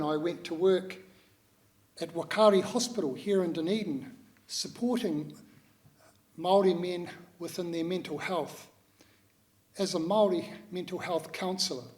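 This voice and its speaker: Older New Zealand man, public speaker, thoughtful and halting, pitched a little high. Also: a little mellow. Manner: measured, reflective, with many pauses and hesitations. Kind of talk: personal talk to an audience.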